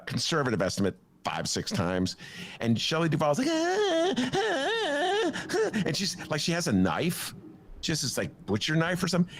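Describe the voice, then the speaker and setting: A man hosting a talk show, telling a rambling, jokey story in casual banter. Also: fairly high pitch. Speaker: host.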